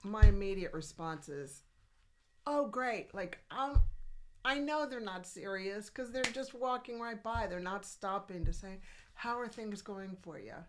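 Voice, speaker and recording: A woman's voice: medium pitch, a little slow. Woman co-host, casual agreeable chat, faint background hiss. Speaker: podcast co-host, physician.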